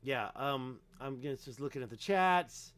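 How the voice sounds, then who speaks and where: A man's voice: medium pitch, expressive, normal speed, fairly bright tone, clear, resonant tone. A man hosting a casual livestream, talking emphatically and rambling with lots of fillers while clicking through pages. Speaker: livestream host.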